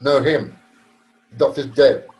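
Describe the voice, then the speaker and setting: A man with an ordinary mid-pitched voice talks on a fan podcast. He speaks assertively, often cutting in with short, firm replies. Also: takes it slowly, darkish tone, low-quality recording. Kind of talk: casual fan podcast chat.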